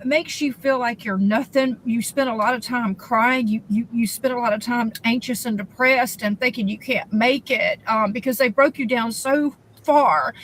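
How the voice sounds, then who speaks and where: A woman recording an emotional personal video, tearful, halting and repeating herself, blunt and profane. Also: high-pitched, fairly bright tone, slight background noise, rough recording. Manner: halting, repetitive, outspoken with profanity. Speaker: social media creator.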